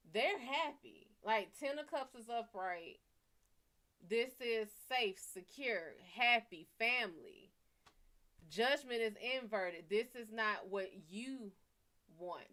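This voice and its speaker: A woman's voice: fairly high pitch, a bit bright. A woman reading tarot cards live for her viewers. She talks in a casual, blunt way and swears freely. She reads out each viewer's name and question before she answers. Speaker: tarot reader.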